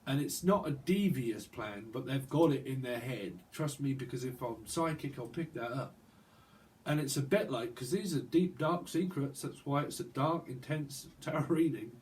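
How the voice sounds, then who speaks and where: A man's voice: medium pitch, normal speed, a little mellow, recorded from a distance, poor audio. A man giving a rambling psychic tarot reading, free-associating and tagging "right?" onto his lines. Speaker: tarot reader.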